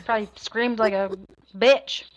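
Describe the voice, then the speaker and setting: An American woman co-hosting a podcast, chatting casually with quick quips and laughs. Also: on the high side, lively intonation. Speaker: podcast co-host. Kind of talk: casual chat.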